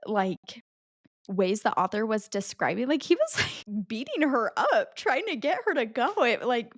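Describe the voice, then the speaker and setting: A woman hosting a podcast, leading a casual book discussion in an animated, chatty way with many filler words. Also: on the high side, no room sound, clean studio sound. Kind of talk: casual chat.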